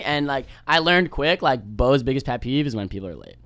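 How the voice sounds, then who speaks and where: A man's voice: mid-range voice, animated, a little fast, a bit bright, no room sound. A young man from New York, a podcast guest telling rambling, laid-back stories and swearing freely. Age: young adult. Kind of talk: casual storytelling chat.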